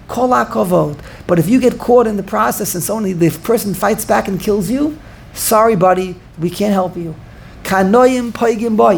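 A man giving an informal Torah class, thinking out loud and repeating phrases for emphasis while answering students. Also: sits high, creaky, a little hiss or hum. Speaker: Torah teacher.

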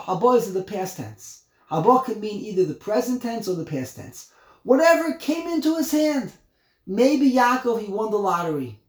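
Guy teaching a text class, gets fired up, repeats himself a lot, echoey room. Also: high voice. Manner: animated, emphatic, repeats words while explaining. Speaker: Torah teacher.

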